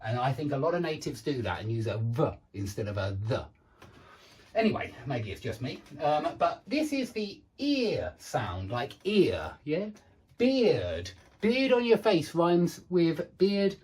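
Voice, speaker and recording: A man teaching English pronunciation in an online lesson, a native speaker who drills words slowly and repeats them for practice. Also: mid-range voice, very animated.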